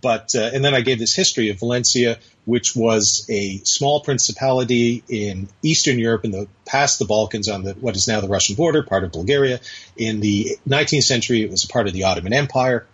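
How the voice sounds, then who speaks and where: Husky man telling a rambling story. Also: medium pitch, fairly quick, a bit bright. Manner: chatty, rambling anecdote with hesitations. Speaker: podcast guest. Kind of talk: casual storytelling conversation. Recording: dull lo-fi audio.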